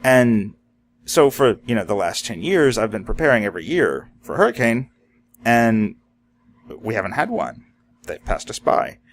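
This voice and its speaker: In an unscripted vlog about disaster preparedness, this Florida man muses in a plain, reflective way, frequently breaking off with "um" and "you know." His voice is on the low side and sing-song at a moderate pace, with slight background noise.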